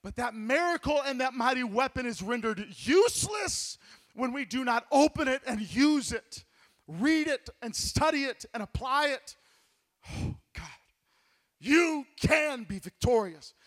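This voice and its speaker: Fervent high-voiced male preacher. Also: expressive, unhurried. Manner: fervent preaching that builds to shouting, with repeated words. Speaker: pastor. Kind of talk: sermon.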